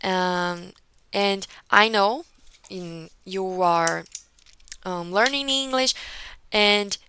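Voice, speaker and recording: Speaking very slowly in a medium-pitched voice that is bright, forceful, clear and resonant, a woman teaches a one-on-one English conversation class by video call. She patiently corrects her student, regularly checking in with "okay?". The recording is rough.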